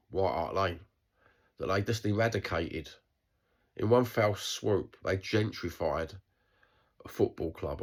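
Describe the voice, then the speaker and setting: A middle-aged Cockney man from East London talking bluntly in an unscripted video diary, swearing and rambling with restarts. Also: deep voice. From East London, England. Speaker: vlogger.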